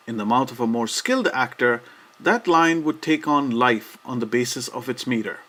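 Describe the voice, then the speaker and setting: A man's voice: medium pitch, lively intonation, fairly bright tone. Man narrating a poetry lesson. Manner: measured, explanatory delivery. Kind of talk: scripted educational narration.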